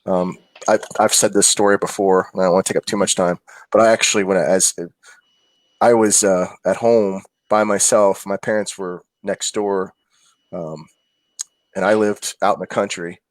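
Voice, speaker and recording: A man's voice: deep voice, steady tone, normal speed, no room sound. A man co-hosting a casual chat, telling a personal story in an earnest, hesitant way. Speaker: podcast co-host. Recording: dry close sound.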